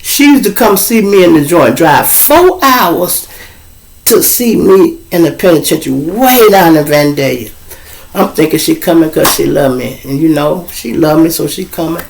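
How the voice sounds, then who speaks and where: A middle-aged Chicago man with a gravelly edge to his voice spins a rambling, profane story. He keeps it casual and conversational, and he jumps his pitch way up to play the other people in it. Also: normal speed, a little hiss or hum. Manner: profane, animated, acts out quoted voices with big pitch jumps. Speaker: show host telling a personal story.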